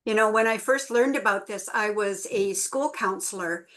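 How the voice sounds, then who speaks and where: Woman, middle-aged, workshop co-host, storytelling, lively quoted voices. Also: mid-range voice, moderate pace. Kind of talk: relaxed talk to a small group.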